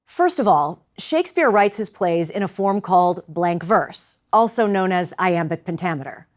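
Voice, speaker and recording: Woman, acting teacher, measured lecture with demonstrations, faint background noise. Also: on the low side, lively intonation.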